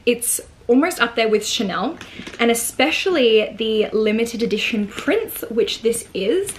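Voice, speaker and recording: A woman's voice: fairly high pitch, a little hiss or hum. Gushing Australian woman, chatty vlog. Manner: chatty, gushing, lots of likes and ums. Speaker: vlogger. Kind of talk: casual unboxing vlog.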